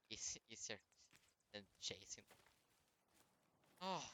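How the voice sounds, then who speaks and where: A man's voice: a little high, expressive, a little slow, pauses often, sharp tone, smooth, no room sound. A man streaming a live game, commenting as he plays, taunting enemies in a mock-polite way and swearing often.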